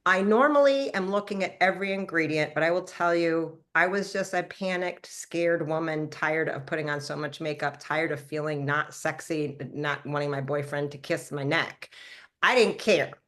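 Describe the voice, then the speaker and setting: This is testimonial talk from a woman in her fifties who both formulates and promotes a skincare brand. Speaking fast to a live call, she brings her story to life, raising her voice higher to mimic things she said before.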